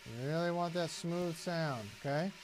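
A man's voice: on the high side, a little slow, a little hiss or hum. A man teaching a drum lesson, patiently explaining and counting beats aloud as he plays. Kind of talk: instructional demonstration.

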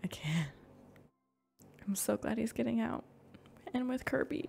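Gravelly-voiced woman gushing over a game. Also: fairly high pitch, lively intonation, unhurried, soft background music. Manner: soft, gushing reactions, gasps and drops to whispers. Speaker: gaming YouTuber. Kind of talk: cozy game playthrough commentary. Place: home room.

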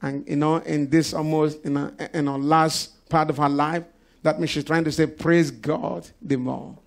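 A male pastor preaches a sermon in church, often calling out to his congregation. His voice sits a little high and has a gravelly edge. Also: little pitch movement, normal speed. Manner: preaching with call-outs to the congregation. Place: church service.

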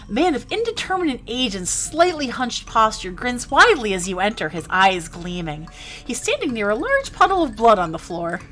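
A woman's voice: fairly high pitch, big pitch swings, normal speed, fairly bright tone, soft background music. Playful young woman streaming a game. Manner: reads game text aloud, playful. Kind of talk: live game-stream commentary.

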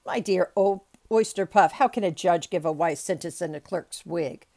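A woman reading aloud, voicing a pompous, fat old male magistrate in a loud, bossy manner. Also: on the low side, normal speed, close to an everyday voice. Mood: blustering.

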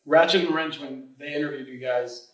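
A man's voice: fairly high pitch, normal speed, fairly bright tone. A man hosting a podcast, chatting loosely with many fillers and recording on a laptop. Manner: loose, full of fillers like "like" and "you know". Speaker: podcast host. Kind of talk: casual podcast interview. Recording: roomy room, distant mic.

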